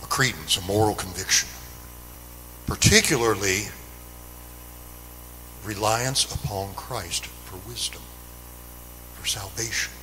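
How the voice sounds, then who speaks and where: Man teaching a Bible lesson, very bright tone, earnest and repetitive, reverberant church room. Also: lowish voice, expressive, takes it slowly, pauses often, slight background noise. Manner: earnest, repetitive, building emphasis. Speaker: Sunday school teacher.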